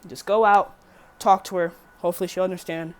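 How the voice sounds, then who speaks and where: A woman's voice: fairly low pitch, fairly even intonation, fairly quick. A teenage girl rambling through a casual storytime vlog, swearing freely and correcting herself as she goes. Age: teen. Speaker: vlogger.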